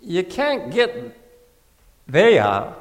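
A preacher putting on a rambling old farmer. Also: male voice, high voice, wildly swooping pitch, extremely slow, in a large hall, pitched above the performer's own voice, exaggerated voice, low-quality recording. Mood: musing. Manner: hesitant, keeps correcting himself. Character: rambling old male country farmer giving directions.

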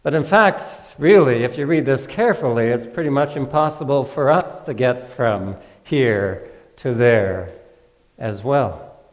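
A male pastor preaching a sermon in a church, in a conversational, gently humorous way. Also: medium pitch, expressive, measured pace, big-room sound.

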